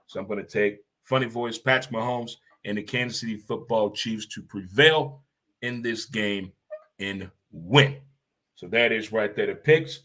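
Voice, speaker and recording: A man hosting a casual sports talk show, talking in an animated, emphatic way and repeating lines for effect. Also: fairly low pitch, measured pace. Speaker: show host.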